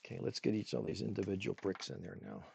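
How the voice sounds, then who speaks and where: A man's voice: fairly low pitch, little pitch movement, fast, gravelly, darkish tone, slight background noise. A man teaching a livestream painting demo, chatting with his viewers and asking them questions as he paints. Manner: talks with a brush in his mouth at times. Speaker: art instructor.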